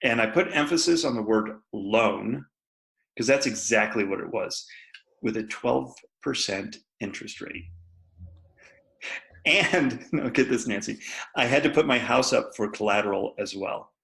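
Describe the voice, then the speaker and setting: Podcast guest, man in his forties, candid storyteller, gravelly, average pitch. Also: expressive, unhurried, fairly bright tone, low-quality recording. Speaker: guest entrepreneur.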